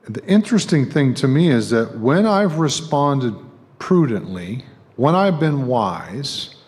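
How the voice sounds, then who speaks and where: Animated middle-aged preacher in echoing church. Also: male voice, mid-range voice, slow pace. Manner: conversational, joking asides to the congregation. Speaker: guest preacher. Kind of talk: sermon. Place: church sanctuary. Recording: long church hall reverb.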